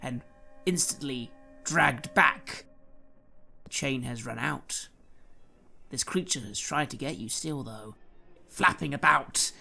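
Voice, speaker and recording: A man's voice: medium pitch, takes it slowly, creaky, pauses often, sharp tone, soft background music. A man narrating a tabletop horror game as game master, with detailed scene descriptions. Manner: detailed, vivid scene-setting.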